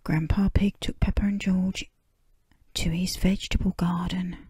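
Woman reader, whispered role-play storybook, very slow, mellow and breathy. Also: fairly low pitch, fairly even intonation, dry recording.

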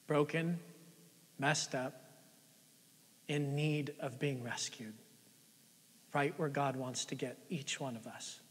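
A man preaching a sermon as pastor, shifting between loud, emphatic lines and hushed, near-whispered ones, with lots of rhetorical questions to the congregation. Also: mid-range voice, steady tone, slow, long pauses, slightly rough. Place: church sanctuary. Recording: long church-hall reverb.

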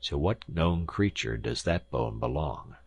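A man's voice: sits low, big pitch swings, unhurried, gravelly, slightly rough, exaggerated voice. A man voicing an arrogant, bombastic older professor who lectures with scorn. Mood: smug.

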